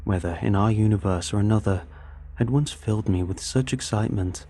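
A man narrating a first-person sci-fi story in a measured, tense manner. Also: on the low side, warm tone, a little hiss or hum.

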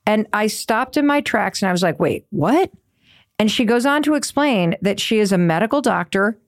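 A middle-aged woman opens her podcast with a story. She talks in an animated, gushing way and acts out the quoted lines with gasps. Her pitch sits in the middle of the range and stays mostly steady. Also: fairly quick. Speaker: podcast host.

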